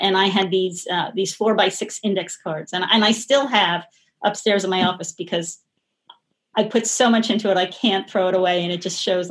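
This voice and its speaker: A middle-aged woman as an interview guest, talking in a rambling, chatty way with many restarts and light laughter. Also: medium pitch. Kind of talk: casual interview conversation.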